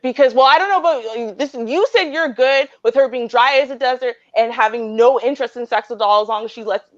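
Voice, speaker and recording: A woman's voice: a little high, fairly quick, no echo, lo-fi sound. A married woman host earnestly explaining her view on relationships, often checking in with "right?". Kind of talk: relationship advice debate.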